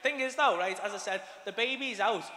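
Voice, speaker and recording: High, bright, foul-mouthed comic. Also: male voice, brisk. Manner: crude, swearing, animated and chatty. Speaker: stand-up comedian. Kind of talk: stand-up storytelling. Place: live comedy venue, large hall. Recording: live hall with long reverb.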